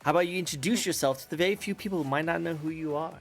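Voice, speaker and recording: A man's voice: on the high side, very fast, faint music behind. An American man hosting a casual online talk show, goofy and rambling, often repeating himself and trailing off. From United States.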